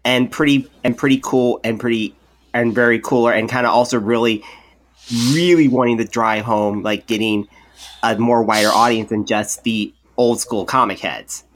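A man co-hosting a podcast in casual chat, rambling with many restarts and acting out the people in his stories. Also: mid-range voice. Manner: animated storyteller, acts out quoted people. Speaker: podcast co-host.

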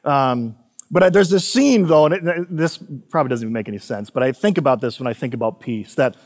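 A man who is a pastor, preaching a casual, conversational sermon with laughing asides and frequent tag questions, slowing down to read scripture. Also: mid-range voice, expressive, a little mellow. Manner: slows down and lifts his voice for scripture readings. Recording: long hall reverb.

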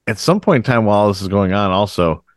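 A man's voice: fairly low pitch, animated, fast talker, no echo, clean studio sound. A man co-hosting a podcast, talking loosely with lots of fillers. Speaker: podcast co-host. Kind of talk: casual chat.

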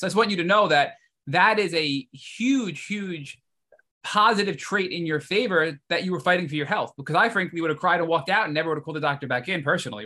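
Podcast host guy, bright tone, slightly high voice, recaps and asks stuff. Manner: engaged, recaps and asks questions. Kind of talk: interview.

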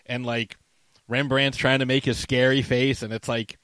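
A man casually recapping a movie scene with a co-host, animated and swearing freely. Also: medium pitch, normal speed, smooth, dry recording.

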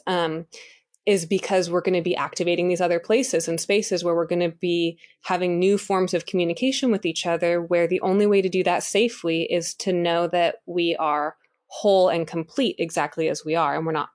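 A woman co-hosting a casual spiritual chat, animated and rambling, often laughing and asking listeners to bear with her. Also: on the low side, brisk.

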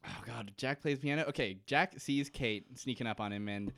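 A man's voice: medium pitch, normal speed, vocal fry, fairly bright tone, dry recording, studio quality. A man co-hosting a podcast, chatting casually in loose, rambling banter and laughing easily. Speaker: podcast co-host recapping a TV episode. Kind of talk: casual chat.

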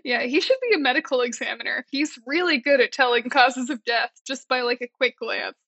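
A woman's voice: sits high, fairly quick, pushed and bright, husky, dry recording. A woman casually discussing a movie, amused, with wry asides and frequent laughter. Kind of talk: casual movie recap chat.

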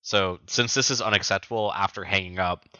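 A man's voice: low-pitched, fairly even intonation, bright, forceful tone, clean tone, dry recording, highs cut off. A man co-hosting a podcast, casually retelling story events and acting out the characters' lines. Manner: quick retelling with acted-out quotes. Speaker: podcast co-host. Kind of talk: casual recap chat.

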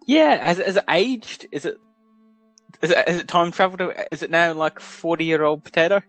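A man's voice: a little high, normal speed, fairly bright tone, no room sound, faint music behind. A man playing a tabletop game, playful and stumbling over his words. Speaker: player. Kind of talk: casual tabletop play.

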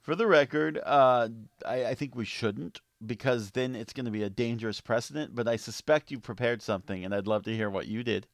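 A man's voice: medium pitch, a little fast, gravelly, no echo, studio quality. A man co-hosting a podcast in a casual, easygoing chat, laughing often. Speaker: podcast co-host.

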